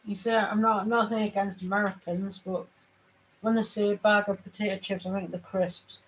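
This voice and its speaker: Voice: medium pitch, flat delivery, moderate pace, slight background noise, low-quality recording. A vlogger from Sunderland with a northeast English accent, chatting casually and telling stories full of restarts. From Sunderland, northeast England. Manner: rambling storyteller, many restarts. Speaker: family channel vlogger. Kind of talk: casual chat.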